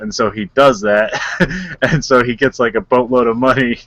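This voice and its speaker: A man talks casually on a podcast, rambling through his story with constant filler words and quick laughs. His voice sits in an ordinary middle range. The sound is dry and close, with no room echo. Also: medium pitch, fairly even intonation, a bit bright. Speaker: podcast co-host. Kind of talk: casual chat.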